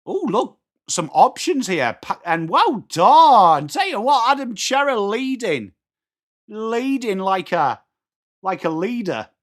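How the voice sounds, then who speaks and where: This middle-aged Englishman speaks with a high, very animated voice at a slow pace. He hosts a live football watchalong in a chatty way, greeting viewers by name, reading out their messages and calling the play as it unfolds.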